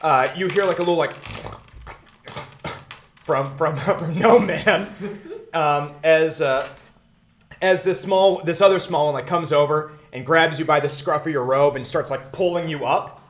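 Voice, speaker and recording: A man's voice: fairly high pitch, a little slow, long pauses. A young man narrating as game master in a tabletop game he streams, rambling along with many fillers and breaking into laughs. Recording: roomy echo.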